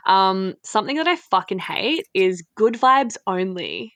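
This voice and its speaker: A woman's voice: medium pitch, expressive, measured pace, fairly bright tone, clear, resonant tone, dry recording. A woman hosting a podcast in casual chat, blunt and frank, swearing freely and using lots of fillers. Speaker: podcast host.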